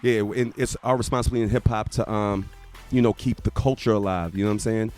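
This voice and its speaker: A man's voice: lowish voice, steady tone, quick pace, a little mellow, soft background music. A man working as a radio DJ and interviewer in a studio, talking in an upbeat, hype announcer style.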